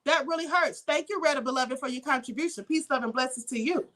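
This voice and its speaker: A woman with a high, bright voice gives an emphatic, preachy inspirational talk on a live stream. She reads and thanks viewer comments, calling viewers beloved. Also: fast talker. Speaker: livestream host.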